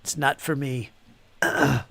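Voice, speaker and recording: A man's voice: medium pitch, slow pace, creaky, a bit bright, breathy edge. A man hosting a live painting stream, chatting casually and teasing viewers as he reads their comments aloud. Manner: joking, teasing chatter with frequent laughs.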